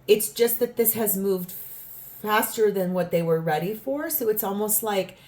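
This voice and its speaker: A woman's voice: medium pitch, a little slow, a little mellow. A woman giving a spoken tarot reading, earnest and rambling, sometimes acting out what people say. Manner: earnest, rambling, acts out quoted lines. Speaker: tarot reader.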